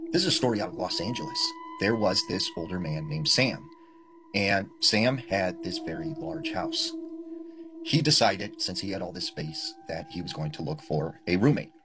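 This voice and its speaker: A man casually telling a creepy story, full of fillers like "you know" and "like.". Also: low-pitched. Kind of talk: spoken scary story telling. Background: music.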